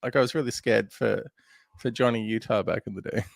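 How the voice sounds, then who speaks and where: A man's voice: mid-range voice, fairly even intonation, a little fast, gravelly, dry recording, studio quality. A man hosting a podcast, chatting casually about a film with lots of laughs and fillers. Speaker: podcast host.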